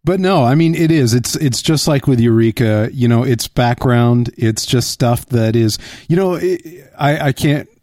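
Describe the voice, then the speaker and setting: A man's voice: mid-range voice, measured pace, hardly any pauses, darkish tone, dry recording, studio quality. A man co-hosting a podcast in casual chat, making wry joking asides. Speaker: podcast co-host.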